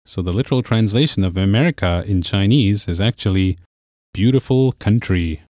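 A man's voice: on the low side, normal speed, a little mellow, no echo, studio quality. A man teaching a podcast language lesson, explaining patiently step by step.

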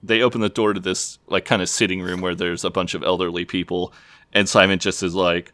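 A man in his thirties, casually retelling show scenes as a podcast co-host, slipping into quick character voices and laughing. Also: deep voice, little pitch movement, bright, forceful tone, no echo, studio quality. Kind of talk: casual recap chat.

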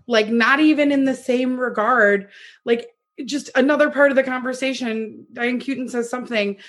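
A woman's voice: sits high, steady tone, normal speed. A woman talking casually on a podcast, earnestly reflecting and retelling movie scenes. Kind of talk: casual chat.

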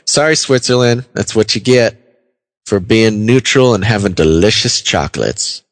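Male podcast co-host, low-ish and lively, jokey banter. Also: normal speed, no room sound. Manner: joking, animated, laughs often.

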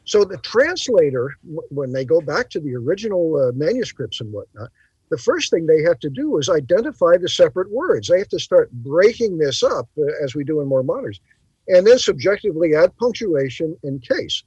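A man hosting a bible talk show, explaining in a teacherly way and pausing to stress his points. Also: a little high, big pitch swings, darkish tone, slightly rough, no echo, muffled recording. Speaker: podcast host.

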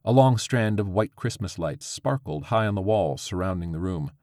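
Deep-voiced man narrating a story. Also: expressive, normal speed, darkish tone, no echo, clean studio sound.

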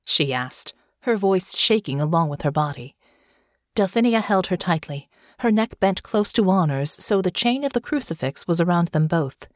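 A woman narrating a fantasy novel as an audiobook in an expressive storytelling manner. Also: on the low side, normal speed, dry recording, studio quality. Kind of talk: scripted narration.

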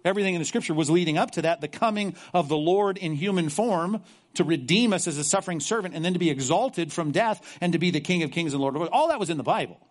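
A male pastor preaching a sermon, animated and sarcastic, mocking apologetic voices as he makes his point. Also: on the high side, fast talker.

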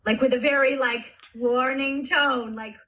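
A woman playing a tabletop role-playing game. Her voice sits somewhat high. She talks in a chatty, quick way. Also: steady tone, a bit bright, poor audio. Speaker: player.

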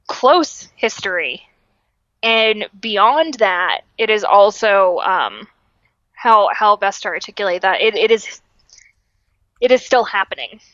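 A woman's voice: medium pitch, no echo, lo-fi sound. A young adult woman co-hosting a podcast, explaining history in casual talk with frequent fillers and restarts. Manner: lively, self-correcting, frequent fillers and restarts. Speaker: podcast co-host.

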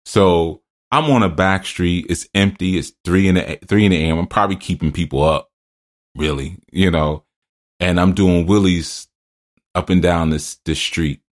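A man's voice: low voice, moderate pace. A man hosting a spiritual teaching podcast, drifting into loose personal stories and laughing at himself.

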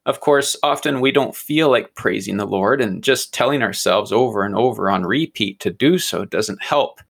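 Read this as a man explaining scripture to a co-host in a relaxed, earnest way. His voice has a gravelly edge, and he sometimes trips over small words and repeats them before going on. Keep it sincere and unhurried, like teaching someone across the table. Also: lowish voice. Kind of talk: conversational Bible teaching.

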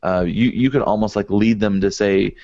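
A man's voice: fairly low pitch, moderate pace, warm tone, a little hiss or hum. A man co-hosting a podcast and giving earnest advice in a casual way, often restarting his sentences. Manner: earnest, advisory, many restarts. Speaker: podcast co-host. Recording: dry, dull lo-fi audio.

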